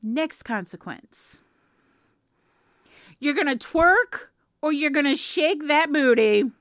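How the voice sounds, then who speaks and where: A woman's voice: high voice, expressive, takes it slowly, a bit bright, dry recording, studio quality. A woman chatting casually to camera as a vlogger, playful and laughing often.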